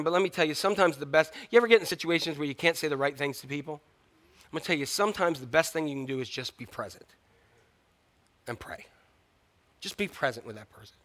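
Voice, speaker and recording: A man preaching a sermon as pastor, slowing down for dramatic emphasis and acting out quotes. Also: high-pitched, pushed and bright.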